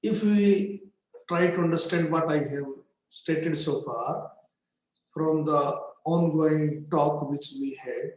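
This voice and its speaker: Give me a man lecturing slowly and deliberately, repeating words to show their syllables. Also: fairly high pitch. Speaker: English literature lecturer. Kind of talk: slow classroom lecture. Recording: very echoey room.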